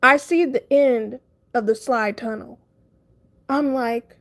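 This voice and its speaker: Animated, laughing woman telling a story. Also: on the high side, slow, pauses often. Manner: animated, laughing, dramatic retelling. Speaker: livestreamer. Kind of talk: casual storytelling to a live chat.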